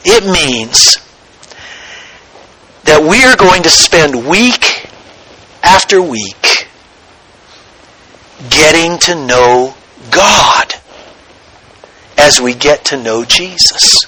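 A man preaching a sermon in a church, slow and deliberate, building to excited emphasis. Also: fairly high pitch, husky, low-quality recording. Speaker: pastor.

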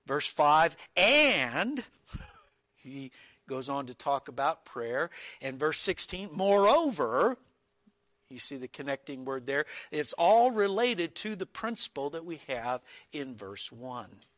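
A man's voice: on the high side, very animated, fairly bright tone, no room sound. A man preaching an earnest expository sermon, reading Bible verses and stressing key words with small restarts. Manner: slow, deliberate with small restarts.

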